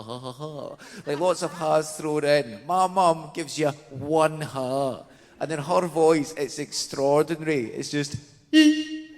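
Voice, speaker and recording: A Glaswegian man doing a chatty, self-mocking stand-up set on a large theatre stage. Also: on the high side. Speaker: stand-up comedian. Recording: theatre with long reverb, faint noise.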